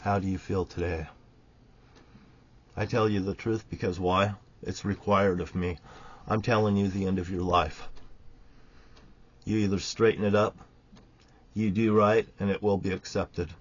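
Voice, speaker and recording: A man delivering an angry, profane, preachy monologue, swinging between loud outbursts and quiet threats. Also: on the low side, little pitch movement, moderate pace, long pauses. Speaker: online ranter. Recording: dull lo-fi recording.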